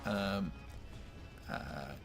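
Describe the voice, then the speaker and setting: Hesitant game master with a bright voice. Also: male voice, deep voice, drawn-out words, gravelly, faint music behind. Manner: hesitant, many fillers and restarts. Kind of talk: narrating a tabletop game.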